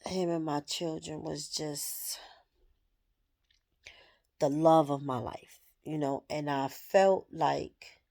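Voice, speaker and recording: A woman shares a personal spiritual reflection in a vlog. Her voice sits a little low, and she speaks at a very unhurried pace. She is candid and soft-spoken, with pauses between her thoughts. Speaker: vlogger.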